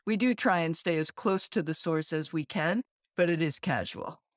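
A man co-hosts a casual podcast and chimes in with easy agreement and self-deprecating jokes. His voice is somewhat high for a man. The recording is dry and close. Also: moderate pace, no echo. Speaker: podcast co-host. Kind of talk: casual chat.

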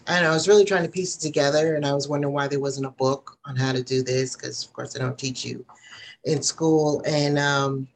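Low-voiced hesitant woman guest. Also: fairly even intonation, fairly quick, vocal fry. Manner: rambling, hesitant, many fillers. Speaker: guest, former program member. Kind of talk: casual chat. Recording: faint background noise.

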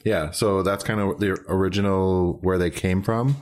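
Easygoing man with a very deep voice. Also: steady tone, normal speed, darkish tone. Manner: easygoing, enthusiastic, hedging with "like". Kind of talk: casual chat.

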